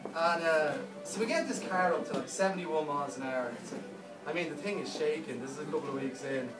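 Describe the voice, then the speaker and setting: A man giving a best man's speech at a wedding, telling a story and quickly acting out what others said. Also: fairly high pitch. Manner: anecdotal, playing others' lines in quick quotes. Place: wedding reception hall. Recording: echoey hall, speaker far from mic, loud music.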